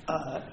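A man speaking candidly and from the heart as he tells his recovery story to a group in a meeting room. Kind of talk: personal testimony to a group. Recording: echoey, noisy room recording.

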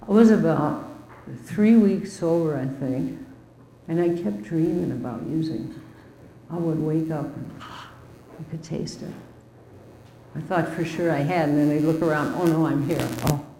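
Woman in her fifties, low mellow voice, candid recovery testimony, echoey room with faint ambience. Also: unhurried, pauses often, slight background noise. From Milwaukee, US Midwest. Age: 50s. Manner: candid, conversational storytelling with wry asides. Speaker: recovery speaker.

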